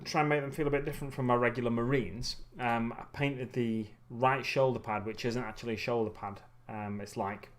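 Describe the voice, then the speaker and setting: A man in a mid-pitched, ordinary voice chats casually as he works on models. He rambles and muses aloud, trailing off and correcting himself, and sounds a bit tired. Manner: rambling and musing, many ums and self-corrections. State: getting tired. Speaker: hobby livestream host. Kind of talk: casual chat while building miniatures.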